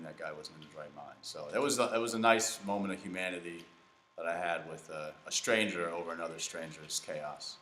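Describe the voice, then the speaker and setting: A man's voice: low-pitched, fairly even intonation, a little fast, sharp tone, a little hiss or hum. A man hosting a comedy podcast, chatting casually while playing a video game and telling rambling stories with fillers and restarts. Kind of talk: casual chat while gaming. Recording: echoey room.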